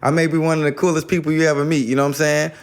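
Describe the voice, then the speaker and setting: Rambling man with a slangy, high voice. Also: level tone, rapid-fire. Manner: rambling, slangy, repeats words when starting. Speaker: spiritual guest speaker. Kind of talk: casual spiritual talk.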